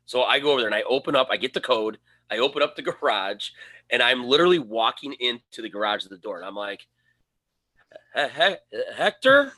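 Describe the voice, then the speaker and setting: Speaking quickly in a mid-range voice, this male podcast co-host relates a laid-back story. He performs the lines he quotes from himself with plenty of animation.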